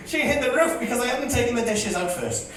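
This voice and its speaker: A man's voice: extremely high pitch, lively intonation, normal speed, a crowd in the background. Man doing stand-up in an echoey hall. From West Wales. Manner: wry, self-deprecating, loud stage delivery. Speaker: stand-up comedian. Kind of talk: stand-up comedy set. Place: hotel function room with a live audience. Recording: echoey room heard from far off, faint noise.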